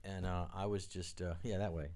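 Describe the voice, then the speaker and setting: A man, a guest on a live studio interview, telling rambling, animated stories and acting out the people he quotes. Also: low voice, brisk, crowd noise. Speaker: guest, record producer and drummer. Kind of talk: anecdotal storytelling interview.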